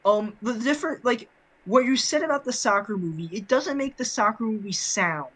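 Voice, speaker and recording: A man's voice: high voice, lively intonation, normal speed, a bit bright, husky, low-quality recording. A man co-hosting a casual podcast chat, rambling with many fillers and restarts. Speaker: podcast co-host.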